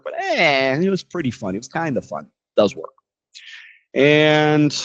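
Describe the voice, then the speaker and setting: A man teaching a casual English lesson, explaining with jokes and lively asides. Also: fairly high pitch, no room sound, lo-fi sound. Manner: lively, joking, animated explanations.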